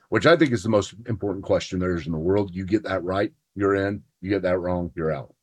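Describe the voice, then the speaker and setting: A man's voice: low-pitched, quick pace, slightly rough. A man hosting a podcast, talking theology in a casual, earnest way with his spouse and building to emphatic points. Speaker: podcast host. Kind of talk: casual theology chat, partly read from notes.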